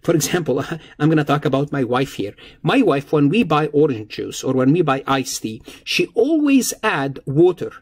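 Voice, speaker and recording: A man's voice: fairly high pitch, very animated, moderate pace, husky. A man lecturing on accounting in a recorded lesson, explaining patiently and repeating key points with everyday examples.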